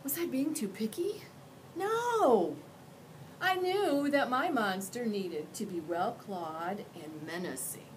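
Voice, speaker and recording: A woman teacher reading a picture book aloud with expressive storytelling. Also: a little high, slow pace, a little hiss or hum, poor audio.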